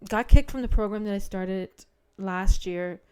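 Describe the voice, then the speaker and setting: Middle-aged woman doing a chatty podcast from home, smooth clear voice, lots of ums and likes, just rambling along. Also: medium pitch, measured pace, mellow. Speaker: podcast host. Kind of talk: casual solo podcast chat. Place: home, by a window.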